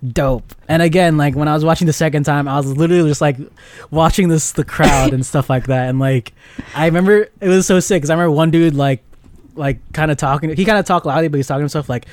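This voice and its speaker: A young man with a fairly high voice chats excitedly on a podcast. He laughs a lot, leans on "like" and slang, and replays movie moments with gusto. The mic is close and dry, with no room sound. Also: fast, dry recording. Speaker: podcast co-host. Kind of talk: casual chat.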